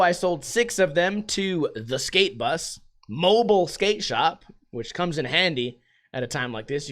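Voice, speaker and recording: A man's voice: on the high side, a bit bright. Rambling, foul-mouthed man hosting a podcast. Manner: rambling, swears a lot. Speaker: podcast host. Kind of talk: casual solo podcast chat. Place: at home.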